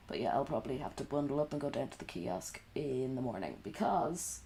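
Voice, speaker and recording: A woman's voice: extremely low pitch, lively intonation, brisk, dark tone, a little hiss or hum. A woman streaming from home at night while sick and coughing, rambling in sweary, sarcastic casual chat. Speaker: livestreamer.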